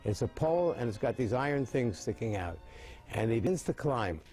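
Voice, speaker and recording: A man in his seventies explaining mime and telling jokes with lively storytelling, his voice rising high as the stories build. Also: brisk, faint music behind. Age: 70s. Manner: animated storytelling with big pitch jumps.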